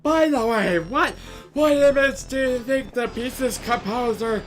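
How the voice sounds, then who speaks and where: A woman's voice: fairly high pitch, a little slow, soft background music, pitched above the performer's own voice, close to an everyday voice. Streamer doing a grand ghostly lady pianist. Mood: gracious. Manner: grand, flowery reading of game text. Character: vain ghostly female pianist, grandly theatrical. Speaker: streamer reading a game character.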